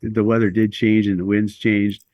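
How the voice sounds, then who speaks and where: Low-ish guy rambling through a story, lots of um and uh, self-deprecating, dry sound. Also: level tone, normal speed, darkish tone, dry recording, lo-fi sound. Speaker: guest. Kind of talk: telling a personal story in an interview.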